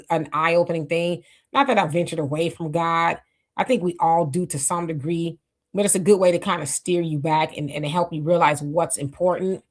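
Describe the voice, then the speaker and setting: A middle-aged woman hosting a live stream, reading viewer comments and talking loosely with many fillers and restarts, her mouth dry from fasting. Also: fairly low pitch. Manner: loose, conversational, reflective, with frequent fillers and restarts. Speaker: livestream host reading chat comments. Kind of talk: casual live talk.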